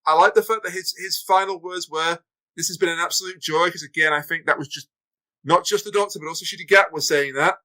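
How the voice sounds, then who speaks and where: Earnest man co-host, high, bright voice, firm opinions. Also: fairly even intonation, fast talker, poor audio. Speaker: podcast co-host. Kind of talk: casual chat.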